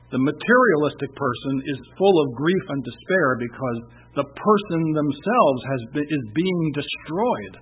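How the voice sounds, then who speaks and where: Husky man, earnest conversational preacher, tinny radio broadcast sound. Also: on the high side. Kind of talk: sermon. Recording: muffled phone-like radio broadcast.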